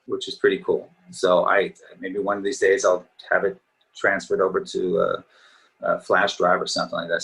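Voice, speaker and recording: A man's voice: low voice, gravelly, fairly bright tone, poor audio. A middle-aged actor chatting as a guest in a casual interview, easygoing and reminiscing, his voice a little tired from talking. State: slightly tired voice.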